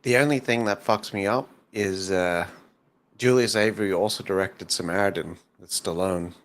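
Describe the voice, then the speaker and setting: A podcast co-host speaks in a low voice at normal speed. His casual chat is relaxed, with the odd swear word thrown in.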